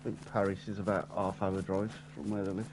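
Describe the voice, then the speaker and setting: Low-voiced man, blunt banter. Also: little pitch movement, fairly quick, background noise. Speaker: gaming co-player. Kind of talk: casual chat over gameplay.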